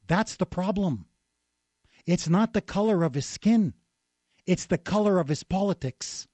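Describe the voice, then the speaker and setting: A man with a notably high voice hosts a talk radio show, ranting in a combative, sarcastic way. His voice sits very close and dry, with no room sound around it. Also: animated, unhurried, warm tone, slightly rough, no echo. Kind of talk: opinionated talk radio monologue.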